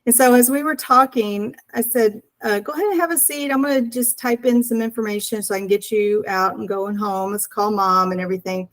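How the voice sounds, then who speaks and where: A woman's voice: medium pitch, a little fast, few pauses, rough recording. A woman telling an earnest personal story as an interview guest, acting out the dialogue as she goes.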